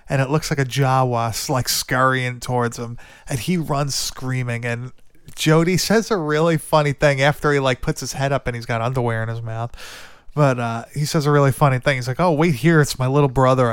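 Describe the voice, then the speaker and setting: A man talks through a movie's plot in loose, chatty podcast fashion, tossing in swear words and filler as he goes. His voice is smooth and clear. The sound is dry and close, with no room around it. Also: mid-range voice, dry recording. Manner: rambling, swears often, lots of "like" and "dude". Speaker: podcast co-host. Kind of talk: casual movie recap chat.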